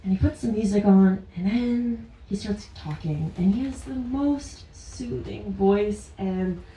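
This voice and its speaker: A woman's voice: medium pitch, unhurried, warm tone. Laughing woman telling a story live. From Ontario, Canada. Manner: chatty, often laughing through her words. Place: indoor stage at a small live venue. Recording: roomy, distant live-venue sound.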